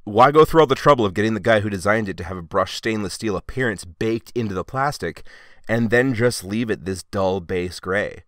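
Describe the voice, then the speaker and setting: A man's voice: on the low side, a little fast, fairly bright tone, no echo, studio quality. A man giving a casual, wry toy review with chatty, sarcastic asides.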